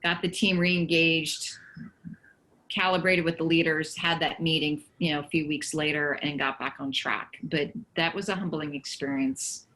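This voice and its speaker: A woman recounting career stories on a panel over a video call. Her voice sits low for a woman yet comes across bright and forceful. She talks in an animated, storytelling way, with laughter here and there. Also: moderate pace, low-quality recording. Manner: lively anecdotes with laughter.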